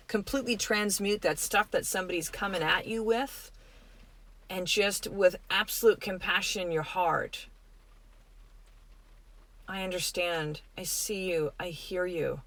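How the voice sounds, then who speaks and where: A middle-aged woman hosting a podcast, giving a gentle, earnest, reflective spiritual self-help talk. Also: medium pitch. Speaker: podcast host.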